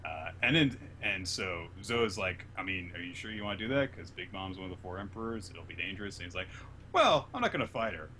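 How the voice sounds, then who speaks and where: A man casually recapping a manga chapter, retelling scenes and acting out the characters' lines in an animated way. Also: deep voice, brisk, few pauses, a little hiss or hum. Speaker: podcast co-host.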